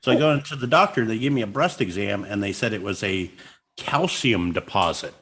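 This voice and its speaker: A man co-hosting a casual livestream, telling a story in a halting way, with many restarts. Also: fairly low pitch, expressive, fairly bright tone, husky.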